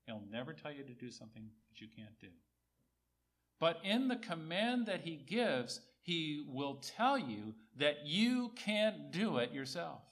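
A man preaching a sermon, repeating key phrases for emphasis, rising on quoted words and dropping low on asides. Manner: rises high and loud on quoted speech, drops low on asides.

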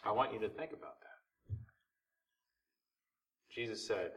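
Male preacher, sermon delivery, sharp bright tone, recorded from a distance. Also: mid-range voice, big pitch swings, unhurried. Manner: preaching with rising and falling intensity, rhetorical questions. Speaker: pastor.

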